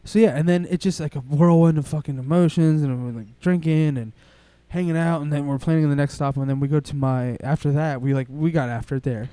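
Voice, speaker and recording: A young man, co-hosting a podcast and telling a long story in a rambling, excitable way, swearing often. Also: on the high side, brisk, few pauses, clean tone, dry recording. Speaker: podcast co-host. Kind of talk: casual storytelling chat.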